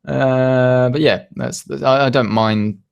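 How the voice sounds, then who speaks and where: A man's voice: mid-range voice, fairly even intonation, slow, vocal fry, smooth, highs cut off. A young man hosting a tech channel's live Q&A, chatting casually and rambling with many fillers and restarts. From United Kingdom. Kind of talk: live stream Q&A.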